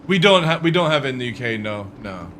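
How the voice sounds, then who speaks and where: A man's voice: medium pitch, big pitch swings, quick pace, pushed and bright, a little hiss or hum. A man chatting casually to his chat while streaming a game, rambling and swearing freely.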